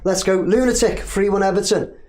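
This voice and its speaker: A man's voice: sits high, a little fast, mellow, slight background noise. A man hosting a casual live stream, chatting loosely, reading viewer comments aloud and laughing easily. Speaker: livestream host.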